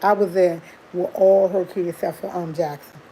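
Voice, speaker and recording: A woman's voice: lowish voice, fairly even intonation, moderate pace, warm tone, slight background noise, low-quality recording. A woman hosting a livestream, chatting candidly to her viewers and laughing often as she tells a personal story. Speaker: livestream host.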